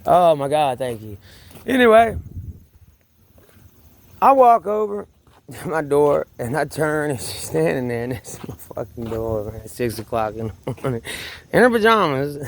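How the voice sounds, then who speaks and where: A man's voice: a little high, very animated, a little slow, pauses often, slight background noise. A man telling a story in a casual monologue, rambling, swearing and laughing as he repeats himself. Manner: rambling, profane, laughing, repetitive. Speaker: vlogger.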